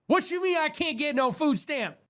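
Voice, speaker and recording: A man's voice: very high voice, expressive, normal speed, heavy background noise, voice pushed up. A man mockingly putting on the voice of an indignant woman at a store counter, whiny and exaggerated.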